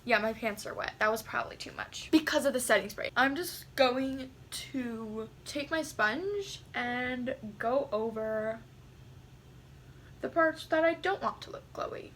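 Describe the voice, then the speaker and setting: High-voiced woman chatting through a makeup tutorial. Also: expressive, unhurried, fairly bright tone, slight background noise. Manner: chatty, self-deprecating, talks while doing makeup. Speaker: beauty vlogger. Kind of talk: casual makeup tutorial chat.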